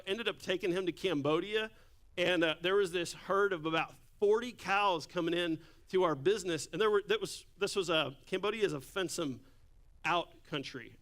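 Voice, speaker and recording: Here a male pastor's voice sits high with a fairly bright tone. He's preaching in a church sanctuary on a handheld or stage microphone, relaxed and joking as he spins stories.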